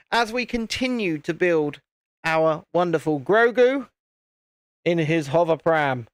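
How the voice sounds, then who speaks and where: A man hosts a relaxed live stream and chats while he builds. He rambles, restarts his sentences and wanders off topic. His voice sits a little high for a man and sounds dry and close, with no room echo. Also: takes it slowly, clean tone. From United Kingdom. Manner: rambling, self-interrupting, chatty. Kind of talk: casual chat while building a set.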